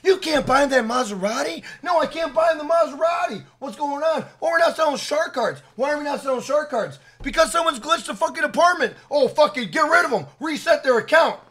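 Man mocking a flustered shouting game executive. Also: extremely high pitch, lively intonation, a little fast, few pauses, pitched above the performer's own voice, exaggerated voice. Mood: exasperated shouting. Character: flustered greedy game-company executive, male.

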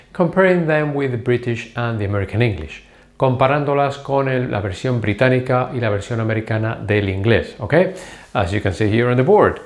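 A man teaches a vocabulary lesson, switching between two languages. He says each word slowly and carefully, often checks in with the listener, and speaks at a middle pitch. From Spain. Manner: slow, deliberate pronunciation of words. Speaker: Spanish teacher.

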